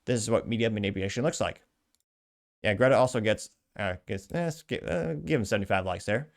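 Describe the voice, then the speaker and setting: A man's voice: fairly low pitch, brisk, creaky. A man hosting a political commentary show, reading social media posts aloud and reacting with sarcastic, muttered asides.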